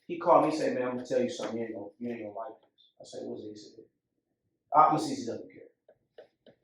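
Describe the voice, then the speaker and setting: A man telling a personal story in a candid barbershop conversation, swinging from hushed to loud. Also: medium pitch, rapid-fire, slight background noise. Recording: echoey room, mic far off.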